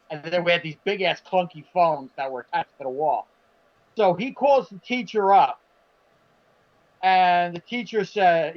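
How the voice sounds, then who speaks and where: High-voiced man telling a story. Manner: animated, acts out quotes, swears. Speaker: podcast co-host. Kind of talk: casual storytelling chat. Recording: dull lo-fi stream audio.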